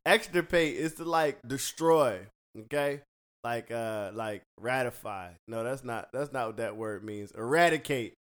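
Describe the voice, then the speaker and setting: A man's voice: mid-range voice, measured pace, fairly bright tone. A man hosting a casual podcast from a home studio, loose and joking, laughing often. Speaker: podcast host.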